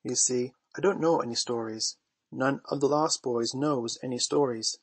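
A man's voice: medium pitch, moderate pace, no room sound, natural voice. A man reading aloud voices a cocky, sly boy who never grows up, speaking in a coaxing, wheedling way. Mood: eager.

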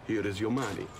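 An actor playing a sly, teasing male thief leader in a video game. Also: fairly low pitch. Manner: teasing, laughs easily. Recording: game audio with crowd noise.

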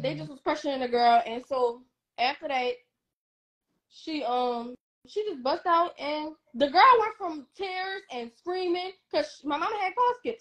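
A young woman telling a personal story on a live stream, animated and emphatic, acting out what others said. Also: sits high. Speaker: guest.

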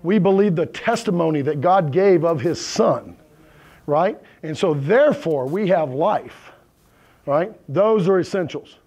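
A man's voice: a little high, lively intonation, measured pace, darkish tone, slightly rough. A male pastor preaching a conversational sermon to his congregation, often checking in with "right?" and "okay?". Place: church sanctuary with congregation.

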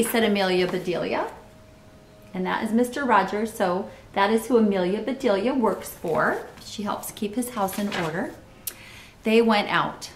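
A woman reading a children's book aloud, pausing to comment and ask listeners questions in an expressive way. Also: medium pitch, slight background noise. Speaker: storybook reader. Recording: roomy echo.

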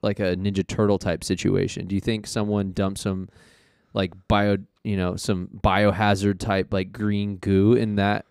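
A man's voice: fairly low pitch, little pitch movement, measured pace, creaky, darkish tone, smooth, no room sound, clean studio sound. A man co-hosting a podcast, trading teasing, joking banter in casual chat. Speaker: podcast co-host.

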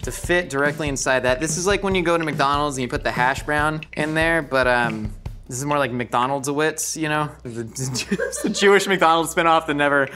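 A man hosting a cooking show, narrating his cooking with rambling jokes and quick anecdotes. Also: a little high, music in the background. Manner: rambling, joking, doing quick voices for anecdotes. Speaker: host and chef.

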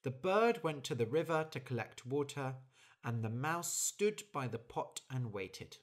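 A storyteller reading a children's story slowly and clearly for English learners. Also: mid-range voice. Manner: clear, deliberate, expressive.

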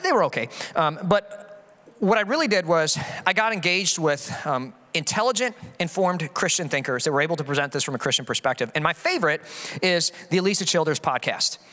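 Fast, bright-voiced male preacher. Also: a little high, big-room sound. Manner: animated, acts out quoted voices. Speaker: pastor. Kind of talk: sermon.

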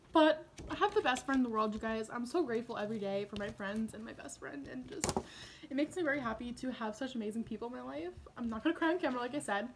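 A woman's voice: sits high, a little hiss or hum. A young woman talking casually to camera in a vlog, chatty and gushing, swearing now and then. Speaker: vlogger.

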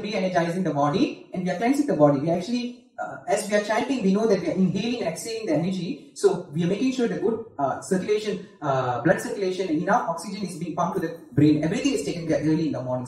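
Malaysian english guy teaching how to chant, patient, sounds far off in a big echoey hall. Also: high-pitched. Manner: explains patiently, chants mantra lines slowly to demonstrate. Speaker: spiritual teacher. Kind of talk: devotional talk with chanting.

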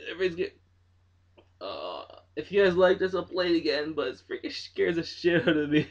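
Young man, nervous horror game commentary, swears a lot, lively pitch, dull lo-fi mic. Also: fairly quick. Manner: jumpy, nervous, swears often, nervous laughter. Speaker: gaming channel host.

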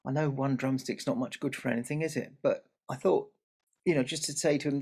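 A man's voice: medium pitch, fairly even intonation, a little fast, darkish tone, breathy edge. A man telling a story to a family audience, chatty, with asides to the listeners.

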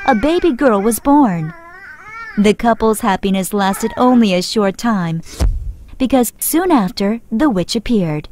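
Female storyteller for a children's fairy tale, clear and expressive, measured pace. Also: fairly high pitch, a little hiss or hum. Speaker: narrator. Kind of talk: scripted storybook narration for children.

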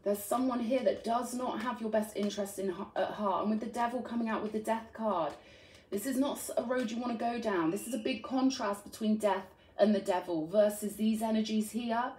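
Lady doing a heartfelt tarot reading, kinda high voice, lots of "right?". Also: brisk, darkish tone. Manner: earnest and affectionate, frequent "right?" tag questions. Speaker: tarot reader. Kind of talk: spiritual tarot reading to camera. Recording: roomy echo.

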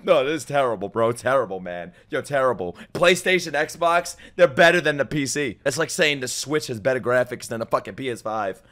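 A man reacting to a video as a streamer, talking loudly and excitedly, swearing often and breaking into sudden outbursts. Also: medium pitch, brisk, few pauses. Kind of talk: anime reaction commentary.

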